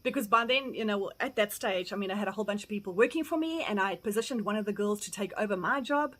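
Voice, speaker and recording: A middle-aged South African woman giving candid, blunt advice, acting out quoted conversations with lively energy and casual swearing. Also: medium pitch, fast talker, poor audio. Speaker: farm vlogger. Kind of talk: candid personal advice talk.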